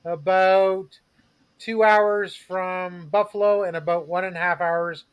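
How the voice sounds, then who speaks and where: A man chatting on a livestream who explains distances in a slow, measured way. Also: high-pitched, fairly even intonation, clear, resonant tone. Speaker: livestream guest. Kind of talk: casual chat.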